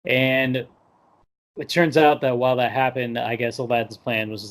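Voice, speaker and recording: Speaking into a podcast microphone, a young man recaps a film in a loose, rambling way, filling it with "like" and acting out quotes. His voice is medium-pitched with fairly even intonation at normal speed, suiting this casual movie talk.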